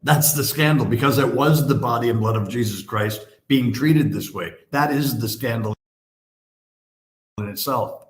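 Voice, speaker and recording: Male priest, earnest and measured, echoey room, mid pitch. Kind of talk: earnest recounting of a story. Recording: echoey clip played back.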